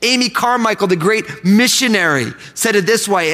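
A man preaching to his congregation in a high, bright voice that rings out. He is animated and pulls the crowd into call-and-response. The sound carries a long reverb from the church hall. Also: moderate pace, few pauses. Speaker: pastor. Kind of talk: sermon. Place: church sanctuary.

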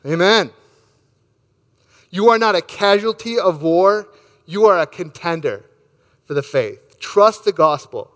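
A man with a fairly high voice delivers an emphatic sermon and reads scripture aloud. His voice rings out with a long reverb, as if he is in a large hall. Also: animated, unhurried, long pauses, fairly bright tone. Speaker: pastor.

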